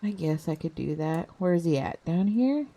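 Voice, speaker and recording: A woman's voice: low voice, moderate pace, dark tone, faint music behind. A young woman streaming a game, joking and self-mocking in casual commentary, swearing freely.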